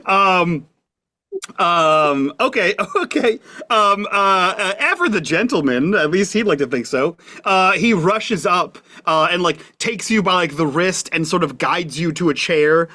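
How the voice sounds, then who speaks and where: A man narrates his character's actions during a tabletop game in a fairly high voice. He hesitates often, fills pauses with ums and uhs, and breaks into laughter easily. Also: expressive, sharp tone. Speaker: player. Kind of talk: tabletop role-play narration.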